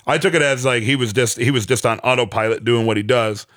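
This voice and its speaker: A man's voice: medium pitch, quick pace, a bit bright, no room sound, studio quality. A man co-hosting a podcast, recapping a TV episode in loose, profane casual chat full of fillers. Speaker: podcast co-host.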